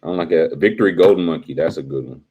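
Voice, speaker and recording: A man's voice: a bass voice, fast, slightly rough, lo-fi sound. A young adult man hosting a casual live stream, teasing and talking straight to his chat in slangy speech.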